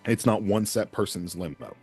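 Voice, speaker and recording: A man talking as a podcast guest, telling animated anecdotes in a casual way and laughing often. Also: fairly low pitch, moderate pace, husky, soft background music. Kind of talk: casual storytelling chat.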